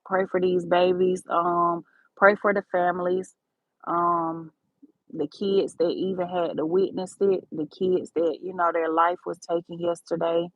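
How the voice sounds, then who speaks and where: A woman's voice: fairly low pitch, vocal fry, no room sound, poor audio. A woman, talking straight to her viewers in a casual livestream, calling them baby and y'all. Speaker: livestream host.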